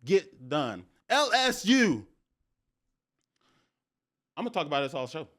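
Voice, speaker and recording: A young man hosting a sports podcast, talking in an excited, slangy way and repeating phrases for emphasis. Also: a little high, unhurried. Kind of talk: excited casual sports talk.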